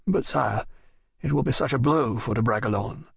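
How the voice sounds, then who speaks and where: A dignified older nobleman pleads with courtly earnestness, in a male narrator's reading. The voice has a gravelly edge at a middle pitch. The recording is close and dry. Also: moderate pace, no echo. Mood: pleading.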